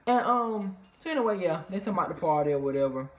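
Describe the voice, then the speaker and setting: A chatty, foul-mouthed reviewer runs through a reality-TV episode in a loose, animated way. The speech is packed with swearing and fillers, and the pitch sits in the middle. Every so often the voice shoots up into squealing impressions of the people on the show. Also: quick pace, heavy background noise. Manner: animated, swears constantly, fillers like "you know what I mean"; jumps into high squealing impressions of others. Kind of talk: casual profane recap vlog.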